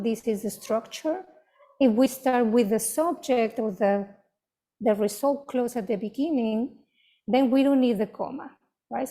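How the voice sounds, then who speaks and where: A woman with a Mexican Spanish accent leads an online English lesson over a video call. Her voice sits a little high with a mellow, soft tone, and she keeps checking in with her students. She sounds patient and encouraging. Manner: encouraging, checks with "right?" and "okay?". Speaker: English teacher. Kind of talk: online class teaching.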